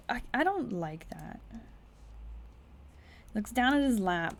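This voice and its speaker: A young woman streaming herself playing a text adventure, reading the story text aloud quickly and breaking in with blunt, incredulous asides and the odd swear. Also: medium pitch, big pitch swings, slight background noise. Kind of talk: casual live-stream commentary, reading game text aloud.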